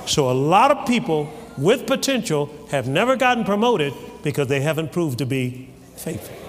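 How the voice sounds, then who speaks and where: A man preaching a sermon in a church, animated and calling on the congregation for amens. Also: fairly high pitch. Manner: animated, calls for amen from the congregation. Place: church sanctuary. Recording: hall reverb with faint ambience.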